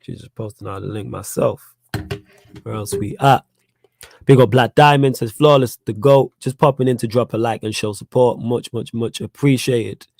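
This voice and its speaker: This live fan Q&A stream is hosted by a young man from Manchester, England, speaking with a Manchester accent at a moderate pace. His mid-range voice is darkish with vocal fry and no echo, and the fan channel host is blunt, repetitive, and increasingly heated as he argues.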